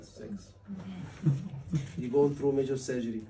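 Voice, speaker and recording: A man teaching a surgery exam class, animated and asking his students questions often, acting out patient lines. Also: medium pitch, measured pace, slight background noise. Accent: Liverpool. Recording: voice from a distance.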